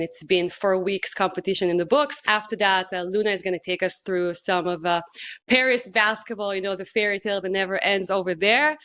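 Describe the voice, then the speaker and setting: A woman's voice: medium pitch, fairly bright tone. A woman from Israel hosting a basketball podcast, chatting enthusiastically with plenty of fillers and laughter. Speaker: podcast host, sports TV presenter. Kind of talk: casual podcast chat.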